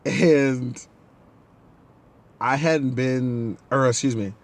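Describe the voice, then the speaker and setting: This medium-pitched podcast host speaks extremely slowly while telling a casual tale. He stays animated throughout, acting out the characters.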